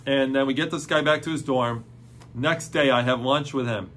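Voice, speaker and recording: A man telling a personal faith testimony in an excited, storytelling way, full of "like" fillers. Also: medium pitch, moderate pace, a little hiss or hum.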